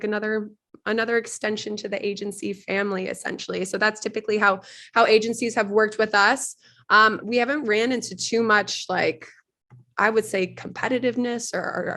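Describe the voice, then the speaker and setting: A young adult woman with a husky voice from a cold, chatting casually as a podcast guest about her work, talking quickly with many fillers and restarts over a video call. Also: medium pitch, fairly bright tone. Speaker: podcast guest, partnerships lead. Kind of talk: casual business chat.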